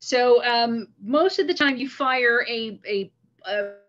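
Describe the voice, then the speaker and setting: A woman giving an online history lecture as guest presenter, telling the story with earnest feeling and pausing to recite a speech. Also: a little high, a bit bright, highs cut off, faint music behind. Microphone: computer mic on a video call.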